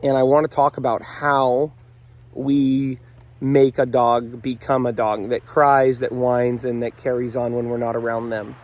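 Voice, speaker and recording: A man's voice: mid-range voice, little pitch movement, measured pace, darkish tone. A man working as a dog trainer, talking casually to camera outdoors in the morning, earnest and addressing viewers directly as folks while rattling off lists.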